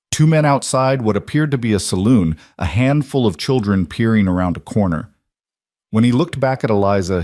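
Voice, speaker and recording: Low-voiced male story narrator. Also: no room sound, studio quality. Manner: steady, measured storytelling. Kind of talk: scripted audiobook narration.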